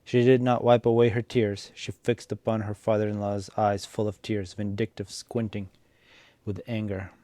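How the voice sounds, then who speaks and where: Brief: male story reader, low-pitched, relaxed narration, occasional slips. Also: no room sound. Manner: unhurried, small slips. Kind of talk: reading a story aloud.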